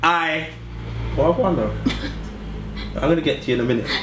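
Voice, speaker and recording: A man's voice: fairly high pitch, fairly quick, slight background noise. A man with a lisp hosting a casual chat show, teasing his guests playfully. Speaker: host. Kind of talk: casual banter. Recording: echoey room, mic from far off.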